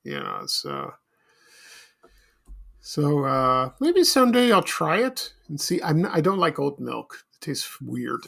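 A man's voice: fairly high pitch, huge pitch swings, slow, gravelly, sharp tone. A middle-aged man from Chicago hosting a casual solo podcast, rambling and nostalgic with many fillers and restarts. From Chicago, USA. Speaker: podcast host.

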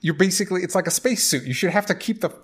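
A man's voice: high-pitched, lively intonation, racing, husky. A man co-hosting a podcast in casual chat, rambling through his points with many restarts. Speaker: podcast co-host.

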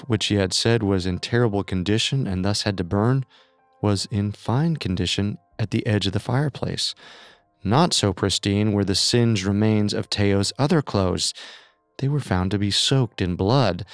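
A man narrating a true-crime story in a measured, scripted way. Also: lowish voice, smooth, dry recording.

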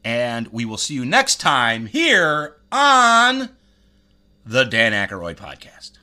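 A man's voice: medium pitch, huge pitch swings, takes it slowly, bright, forceful tone. A man hosting a podcast, talking earnestly and eagerly in a monologue. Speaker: podcast host.

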